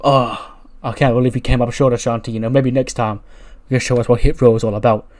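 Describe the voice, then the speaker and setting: A man's voice: mid-range voice, steady tone, fast, darkish tone, natural voice. A man voicing a hot-headed young male wrestler who talks in brash street slang. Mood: worked up.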